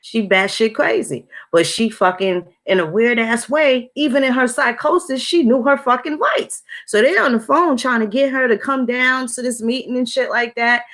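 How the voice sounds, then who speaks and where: A woman's voice: fairly high pitch, moderate pace, few pauses, fairly bright tone. A woman hosting a casual conversation, talking bluntly with heavy cursing and strong emphasis. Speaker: host.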